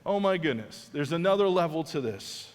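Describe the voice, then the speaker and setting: Male pastor, earnest and conversational, trips over his restarts, voice sits high, long church-hall reverb. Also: animated, moderate pace. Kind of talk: sermon. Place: large church auditorium.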